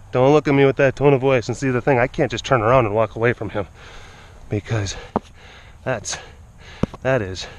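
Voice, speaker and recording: A man working as a big cat keeper, talking casually to camera and coaxing animals in a playful voice that repeats phrases and sometimes drops to a hush. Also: mid-range voice.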